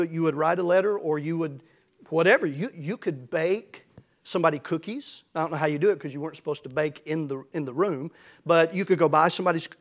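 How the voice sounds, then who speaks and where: A middle-aged man preaching a folksy, storytelling sermon that builds to emphatic passages. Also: fairly high pitch. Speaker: pastor.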